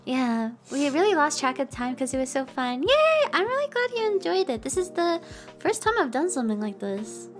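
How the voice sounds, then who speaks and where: Bubbly high-voiced young woman streamer. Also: very animated, moderate pace, soft background music. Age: young adult. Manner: bubbly, giggly, playful. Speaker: streamer host. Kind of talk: casual livestream chat.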